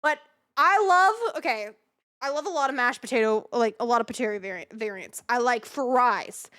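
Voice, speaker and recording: A young woman streaming live, chatting casually in a rambling, excitable way, swearing freely and repeating herself. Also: a little high, normal speed, clean tone.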